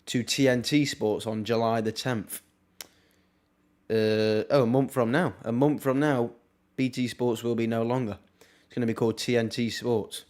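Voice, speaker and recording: A young Englishman talks through a football match live for his viewers, casual and chatty. He throws in wry asides and quick reactions between passages of play, in an ordinary mid-pitched voice. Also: steady tone, a little mellow. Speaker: watchalong streamer.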